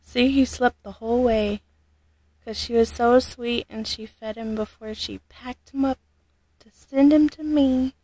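Slow, gushing woman vlogger. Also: a little high, warm tone, husky. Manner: gushing, halting, often trailing off. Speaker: vlogger unboxing a reborn doll. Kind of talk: casual unboxing vlog.

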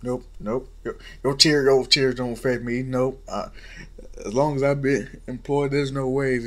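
A man's voice: mid-range voice, steady tone, unhurried, a bit bright, close to an everyday voice. A man voicing a skeptical, hard-nosed male police officer who talks in a dismissive way.

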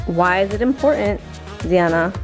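A woman's voice: mid-range voice, animated, moderate pace. A woman vlogging casually as a mom, chatting through a product plug and reading game cards aloud to her child. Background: background music.

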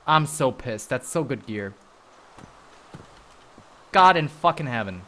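Excitable swearing male gameplay streamer. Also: medium pitch, slow pace. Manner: excitable, swears often, talks to chat. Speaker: livestreamer. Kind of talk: live gameplay commentary.

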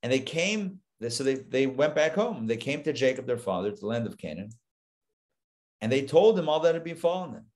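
A man, a rabbi, teaching a live Torah class, retelling the story with lively asides and acted-out lines. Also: mid-range voice, brisk. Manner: animated storytelling, acts out the biblical lines, chatty asides.

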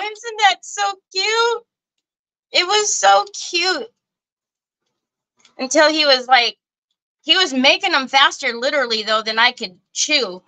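A woman's voice: sits high, pushed and bright, low-quality recording. A woman, hosting a casual craft livestream in a chatty, folksy way and talking straight to her viewers. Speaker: craft show host.

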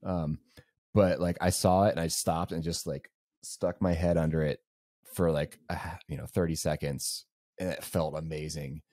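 A man's voice: extremely low pitch, level tone, normal speed, dark tone, no room sound, clean studio sound. A young man co-hosting a podcast, telling a race story casually and rambling with lots of fillers. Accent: Southern US. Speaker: podcast co-host.

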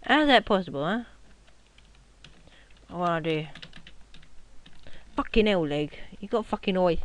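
A young man giving casual gameplay commentary at his computer, rowdy and swearing, often yelling at the game. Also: fairly high pitch, unhurried, pauses often, clean tone, no echo. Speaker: gaming commentator.

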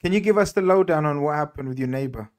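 Man gently needling in fan banter. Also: fairly high pitch, quick pace. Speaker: football podcast panelist.

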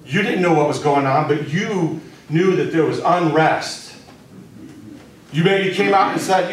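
A man's voice: on the high side, unhurried. A man teaching a spiritual course, speaking candidly to a small group and telling stories from his own life. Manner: candid storytelling, speaks straight to listeners. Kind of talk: personal talk to a small group. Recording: very echoey room, from a distance.

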